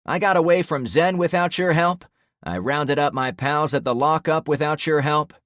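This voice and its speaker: A man voicing a hostile, volatile young male party guy who taunts and shouts insults. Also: on the high side, lively intonation, unhurried, vocal fry, no room sound, clean studio sound, pitched above the performer's own voice. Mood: raging, taunting.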